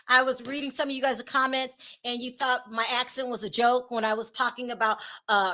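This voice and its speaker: A woman's voice: fairly high pitch, brisk, hardly any pauses, pushed and bright. A middle-aged woman hosting a casual live-stream, chatty and emotional as she talks straight to her viewers. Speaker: YouTube gossip show host.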